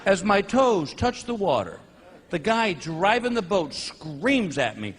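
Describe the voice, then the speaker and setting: A middle-aged man performing stand-up comedy on stage, telling a story and acting out characters with shouted, high yelps. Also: very animated, slow pace. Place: comedy stage before a live audience. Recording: live show with crowd laughter and noise.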